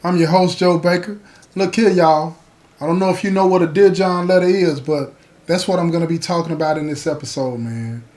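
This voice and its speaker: A male podcast host with a high voice. He tells the story in a folksy, conversational way and keeps checking in with his listeners as he goes. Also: steady tone, brisk, darkish tone. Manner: folksy, repeats "you know what I'm saying".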